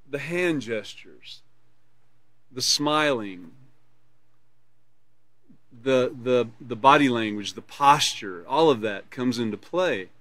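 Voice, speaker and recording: A man's voice: mid-range voice, fairly bright tone, no room sound. A man teaching a live online character education class, reading from a course manual and explaining it in an earnest, explanatory way. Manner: earnest, explanatory, laughs and smiles while teaching.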